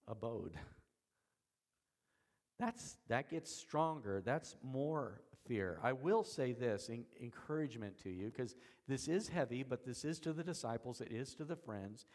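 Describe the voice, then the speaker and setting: A man preaching an expository sermon, shifting from soft, slow lines to loud emphatic ones, with folksy, self-deprecating asides. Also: medium pitch. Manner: dramatic swings between soft and emphatic, slows on key words. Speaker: pastor.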